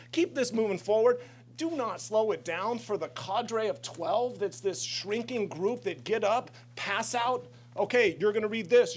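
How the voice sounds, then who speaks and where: A man with a high, light voice speaks at a city council podium, fiery and confrontational. His American speech turns pointed and insistent as he presses his case. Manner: impassioned, confrontational. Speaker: public commenter. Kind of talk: public comment at a council meeting.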